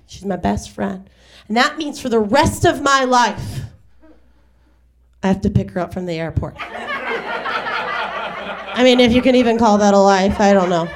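A woman's voice: medium pitch, normal speed, pauses often. Wry self-deprecating woman doing stand-up. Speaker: stand-up comedian. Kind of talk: stand-up set at a live radio show. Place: garage venue with live audience.

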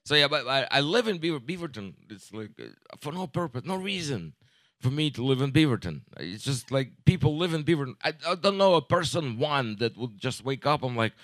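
A man in his forties doing a stand-up comedy set, rambling and deadpan, with halting restarts and profanity. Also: mid-range voice, no echo. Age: 40s.

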